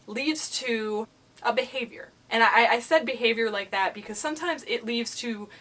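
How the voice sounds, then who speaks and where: Animated chatty woman vlogging. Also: fairly high pitch, normal speed. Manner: animated, exclamatory, self-mocking asides. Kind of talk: candid casual vlog talk. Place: indoors, sitting on the floor.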